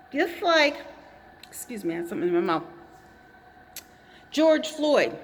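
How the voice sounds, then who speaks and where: A vlogger with a high-pitched, fairly bright voice speaks straight to the camera, and the sound carries the feel of a big room. Her monologue is impassioned, with emphatic, accusatory phrasing and pointed repetition.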